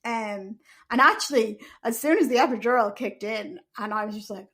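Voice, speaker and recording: A woman's voice: a little high, normal speed, a bit bright, slightly rough. A young adult woman with an Irish accent, hosting a podcast and telling a frank personal story with blunt, swearing candour. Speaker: podcast host.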